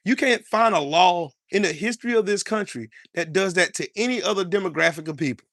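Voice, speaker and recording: A man's voice: sits high, lively intonation, brisk, sharp tone, no room sound, studio quality. An American man delivering heated political commentary in an angry, profane, repetitive rant.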